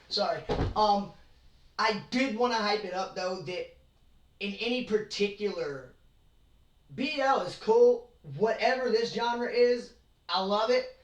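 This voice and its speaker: A rambling, excitable host talks manga in a casual chat, full of jokes and quick asides. The voice sits in the middle of the pitch range. It is heard from a few steps away in a bedroom that rings with echo. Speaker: channel host. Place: own bedroom. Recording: roomy, from far off.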